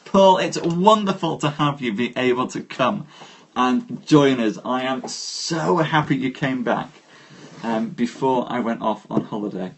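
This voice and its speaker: A man hosting a live stream, reading poetry aloud and chatting with viewers, greeting them by name in an unhurried way. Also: medium pitch, animated, a little hiss or hum.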